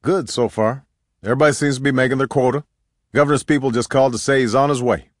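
A man voicing a hearty, welcoming church deacon in a read-aloud story, with a jovial, booming way of talking. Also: steady tone, quick pace, no echo, studio quality, natural voice.

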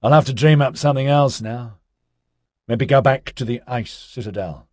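A man voicing a laid-back, chatty young man who talks in hippie slang with an excitable drawl. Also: mid-range voice, normal speed, no echo, clean studio sound, pitched above the performer's own voice, lightly acted. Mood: rambling.

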